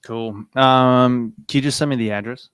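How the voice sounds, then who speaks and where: A man hosting a live call-coaching session, talking with lively enthusiasm and acting out both sides of phone calls. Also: medium pitch, normal speed, smooth, no room sound, studio quality. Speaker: host coaching on seller calls.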